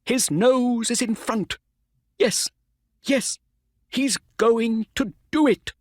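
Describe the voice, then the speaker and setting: A man voicing an excitable older male racehorse owner who exclaims loudly. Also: extremely high pitch, slow, no echo, clean studio sound, voice pushed up, full character voice. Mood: excited.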